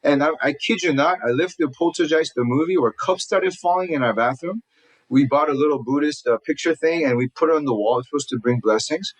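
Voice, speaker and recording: A man recounting a personal story to an interviewer, talking quickly and earnestly, restarting phrases and acting out what others said. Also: a little high, rough recording. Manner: fast, earnest retelling full of restarts, acting out quotes. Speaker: guest telling his life story. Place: lives in Southern California.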